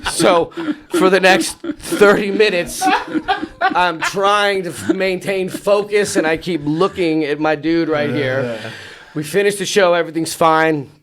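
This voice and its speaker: A man who announces BMX shows, telling an animated story in a podcast studio and acting out what people said in loud, raised voices. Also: sits high, a little slow, a crowd in the background.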